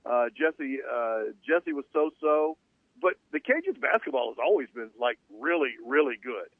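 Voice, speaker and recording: A man's voice: mid-range voice, animated, normal speed, no room sound. A man hosting a sports talk radio show, talking in an emphatic, punchy, lecturing way. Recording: narrow phone-like band, dry.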